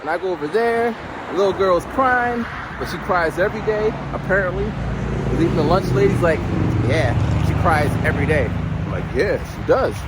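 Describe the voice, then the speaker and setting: Animated, rambling man vlogging outdoors. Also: high voice, fairly quick, very noisy. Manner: rambling, animated storytelling with stammered restarts. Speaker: vlogger who works lunchroom duty at a school. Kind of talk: casual vlog chat. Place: outdoors in cold weather, near a bridge.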